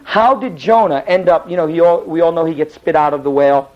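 A man teaching a Bible story in a lively, rambling way, often restarting his sentences. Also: fairly high pitch, fairly quick, highs cut off. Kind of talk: animated Bible storytelling lesson.

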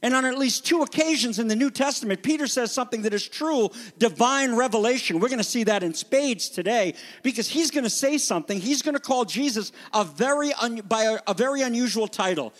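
High-voiced pastor preaching in an echoing hall. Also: male voice, a little fast, few pauses. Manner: animated, acts out quoted voices, restarts. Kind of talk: sermon.

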